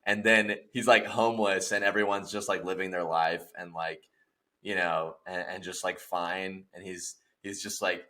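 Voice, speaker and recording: A young man co-hosting a casual comedy podcast, telling an animated story and acting out the characters in it. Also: low voice, normal speed. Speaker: podcast co-host.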